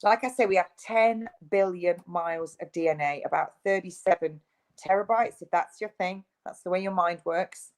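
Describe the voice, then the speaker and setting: A woman's voice: lowish voice, moderate pace, rough recording. Insistent woman, emphatic. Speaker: interview guest. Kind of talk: video interview.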